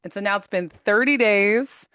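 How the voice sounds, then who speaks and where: A woman in her thirties, an interview guest, telling her story in lively casual talk and laughing often. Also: medium pitch, moderate pace, smooth, dry recording, studio quality. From United States.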